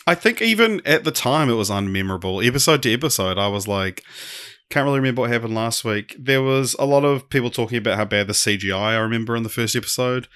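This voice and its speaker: A man's voice: mid-range voice, expressive, quick pace, a bit bright, clean tone. A man co-hosting a podcast, talking casually in a hesitant, self-correcting way. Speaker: podcast co-host. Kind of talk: casual chat.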